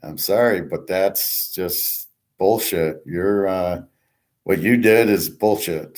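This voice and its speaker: A man's voice: deep voice, fairly bright tone. A middle-aged man talking bluntly in a rambling personal monologue, frustrated, swearing freely and restarting his sentences often. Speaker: channel host.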